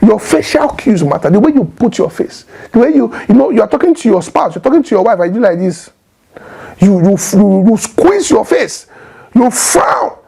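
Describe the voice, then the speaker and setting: A man's voice: high-pitched, lively intonation, fairly quick, gravelly, dark tone, slightly rough, low-quality recording. A man giving marriage advice straight to the camera, emphatic, repeating his points and acting out tones of voice. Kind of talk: direct-to-camera advice talk.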